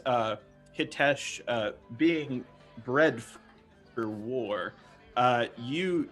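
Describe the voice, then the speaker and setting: A man narrating as game master of a tabletop game, unhurried, with many fillers. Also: medium pitch, a bit bright.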